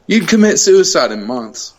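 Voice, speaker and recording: A man's voice: a little high, very animated, normal speed, rough recording. A man guesting on a podcast, talking emphatically and swearing a lot in casual chat. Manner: emphatic, profane.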